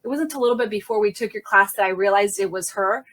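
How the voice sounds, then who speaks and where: A woman's voice: medium pitch, a bit bright. Woman CSI retelling a shooting. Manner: vivid retelling, quick restarts and self-corrections. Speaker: crime scene investigator, podcast guest. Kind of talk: personal storytelling in conversation.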